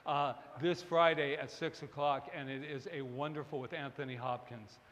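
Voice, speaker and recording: Male pastor, sermon delivery, animated and chatty, slightly high voice, faint room ambience behind. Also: normal speed, long reverb tail, slight background noise. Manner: animated, digressive, joking asides with the congregation. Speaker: minister. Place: church service hall.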